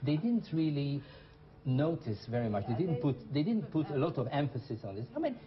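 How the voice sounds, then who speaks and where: A man's voice: on the high side, sing-song, brisk, lo-fi sound. A man hosting a televised English lesson who questions his students and repeats their answers back to them. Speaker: English teacher and show host. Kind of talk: classroom teaching. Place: TV studio classroom.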